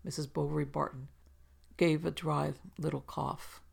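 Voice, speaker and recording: A woman narrating a classic novel in a measured, even reading voice. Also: deep voice, creaky, slightly rough. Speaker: audiobook narrator.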